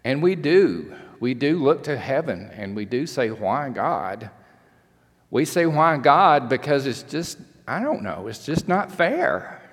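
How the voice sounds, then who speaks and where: A male pastor, preaching a sermon in a relaxed, conversational storytelling way, with fillers. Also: medium pitch, husky. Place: church sanctuary. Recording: reverberant church hall.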